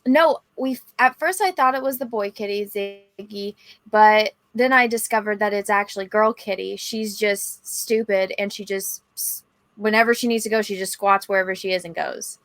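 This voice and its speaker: Woman podcast co-host, bright forceful tone, animated storyteller. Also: mid-range voice, normal speed, dry recording. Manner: animated storytelling with excited quoted asides. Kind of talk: casual chat.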